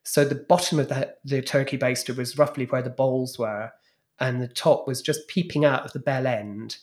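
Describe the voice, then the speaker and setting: A man's voice: medium pitch, moderate pace. Frank, bawdy man telling stories. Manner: frank, bawdy, animated storytelling. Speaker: guest, former club DJ and drag performer. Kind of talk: anecdotal storytelling in a podcast interview.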